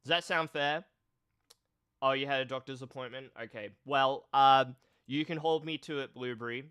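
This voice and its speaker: A male streamer with a nasal, cold-stuffed voice, chatting slowly and thoughtfully on a casual live stream. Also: mid-range voice, pushed and bright, smooth, no echo, studio quality. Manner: slow, thoughtful, reads chat aloud. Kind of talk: casual live-stream chat about card games.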